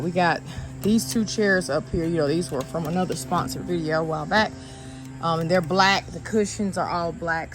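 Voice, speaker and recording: Chatty woman vlogging on a patio. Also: fairly low pitch. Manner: chatty, relaxed, addresses viewers directly. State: out of breath. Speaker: lifestyle vlogger. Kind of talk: casual sponsored vlog. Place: outdoor patio. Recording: background music, voice sometimes far from mic.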